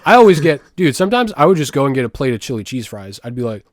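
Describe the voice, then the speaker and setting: A man's voice: medium pitch, very fast, no echo, studio quality. Crude, swearing guy riffing on a podcast. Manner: crude, swearing, laughing, animated rants. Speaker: podcast co-host. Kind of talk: casual chat.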